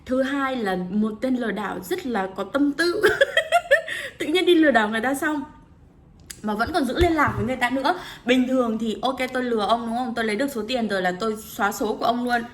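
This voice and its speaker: A woman's voice: fairly high pitch, fast. A woman host talking casually and chatting directly with her listeners. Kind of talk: casual commentary.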